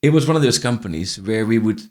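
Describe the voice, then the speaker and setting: A middle-aged franchise CEO, a non-native English speaker with a faint Irish-tinged accent, tells stories as a podcast guest in a casual interview. His voice sits on the low side and is a little mellow, animated and quick. He restarts often and repeats phrases.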